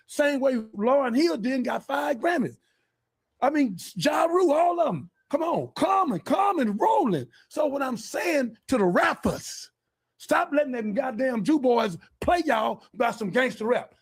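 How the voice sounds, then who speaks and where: A man hosting a podcast, delivering a fiery, profane, preachy monologue and breaking into shouts. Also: very high voice, creaky, husky. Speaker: podcast host. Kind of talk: heated monologue.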